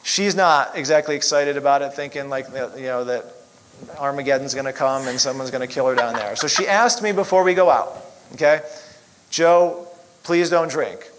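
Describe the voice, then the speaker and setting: A man's voice: mid-range voice, brisk, a bit bright, slight background noise, low-quality recording. A middle-aged man telling his story in a casual, rambling way, full of fillers. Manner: rambling, lots of "you know" fillers. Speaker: chiropractor sharing testimony. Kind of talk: casual personal testimony.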